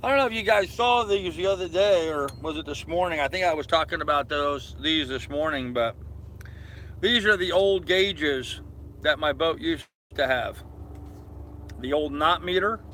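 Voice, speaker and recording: A man's voice: a little high, moderate pace, sharp tone, slight background noise. Tired, easygoing man in his fifties. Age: 50s. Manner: rambling, easygoing, answers viewers' comments. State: tired, yawning. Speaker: sailing vlogger reading live chat. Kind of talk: casual live-stream chat. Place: on a sailboat at anchor in the evening.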